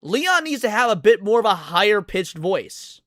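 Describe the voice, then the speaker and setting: A man's voice: high voice, big pitch swings, normal speed, a bit bright, dry recording, clean studio sound. A man ranting in a heated, profane, sarcastic way, hosting commentary over game clips. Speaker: commentary host.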